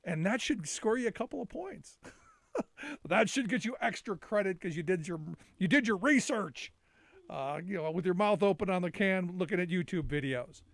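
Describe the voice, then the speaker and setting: A middle-aged man hosts a live call-in show in a sarcastic, rambling monologue, often restarting his sentences. His voice sits high for a man and is captured close with almost no room sound. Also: expressive, moderate pace, gravelly, a bit bright, no room sound. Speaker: talk show host.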